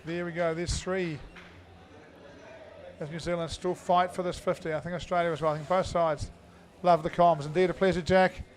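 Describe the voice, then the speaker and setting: Chatty male cricket commentator, higher voice. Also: flat delivery, normal speed. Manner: chatty, thinks aloud with many fillers. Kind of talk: live indoor cricket commentary.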